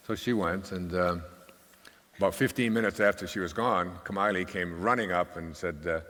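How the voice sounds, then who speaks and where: A man's voice: sits low, a little fast, a bit bright. An older man giving a live talk, telling rambling, conversational stories with dry humor. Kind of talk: anecdotal storytelling talk. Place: stage at a live event. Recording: long hall reverb.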